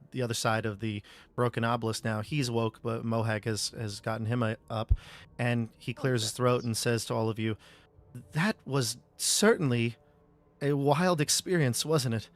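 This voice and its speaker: Man, game master, casual narration, mid pitch, easygoing. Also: flat delivery, normal speed, fairly bright tone. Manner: easygoing, loose narration with fillers.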